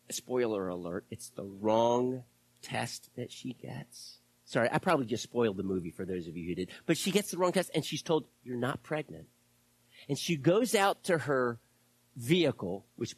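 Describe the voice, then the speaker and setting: A pastor preaching a sermon to a congregation, animated and repeating words, dropping to a hush at times. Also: medium pitch, breathy edge, no room sound.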